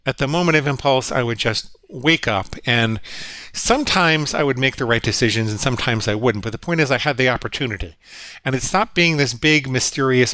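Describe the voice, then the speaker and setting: Here a middle-aged male psychologist, guesting on a storytelling conversation, reflects earnestly and voices his inner thoughts as quotes. He has a medium-pitched, sharp-toned voice, picked up close and dry with no echo.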